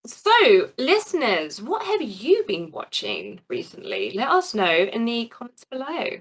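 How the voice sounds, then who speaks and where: Animated woman. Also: a little high, a little slow, slightly rough, poor audio. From New Zealand. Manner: animated, laughs often. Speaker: podcast co-host. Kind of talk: casual chat.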